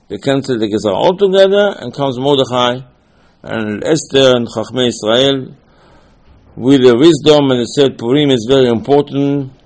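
A man's voice: medium pitch, rough recording. A man giving an informal Torah lesson in a conversational way, with frequent restarts and Hebrew terms mixed into his speech. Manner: conversational, repeats himself, frequent restarts and fillers.

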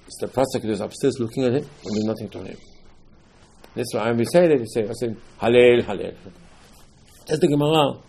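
A man preaches a sermon in a husky voice of ordinary pitch. He acts out the figures in his stories and weaves Hebrew terms into his English. His delivery jumps between raised, emphatic bursts and low, quiet asides. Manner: animated storytelling, acts out dialogue, swings between loud emphasis and quiet asides; sprinkles Hebrew terms into English, nonstandard grammar. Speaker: rabbi.

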